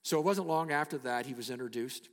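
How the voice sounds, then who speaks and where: A man preaching a sermon as he retells a story, emphatic, with dramatic pauses and sudden hushed drops. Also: mid-range voice. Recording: long hall reverb.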